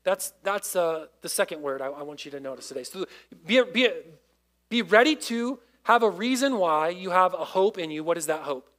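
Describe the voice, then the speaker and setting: A man's voice: sits high, lively intonation, moderate pace, a bit bright. A man giving a casual, conversational sermon as a youth pastor, often asking his listeners questions.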